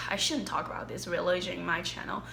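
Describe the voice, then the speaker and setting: Bright-voiced Chinese woman, chatty. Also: lowish voice, a little fast, vocal fry, roomy sound. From China. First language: Mandarin Chinese. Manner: chatty, animated, laughs often. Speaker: vlogger. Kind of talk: casual Q&A chat.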